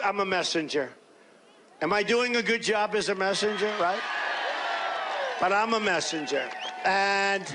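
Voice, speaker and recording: Speaking at an extremely high pitch, a man running for office delivers a rambling, boastful rally speech in a large space. He keeps repeating himself in short, punchy phrases, often shouting them.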